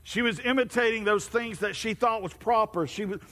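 A middle-aged man delivers a sermon, moving from homey family stories to emphatic teaching. His voice sits somewhat high for a man. The sound carries a long reverb, like a large church hall. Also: brisk, bright, forceful tone. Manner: storytelling, rising to emphatic preaching. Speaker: pastor.

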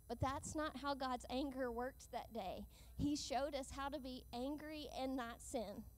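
A woman with a high voice delivers an earnest sermon. She speaks in a measured way and slows down to lean on key lines. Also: darkish tone. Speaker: preacher.

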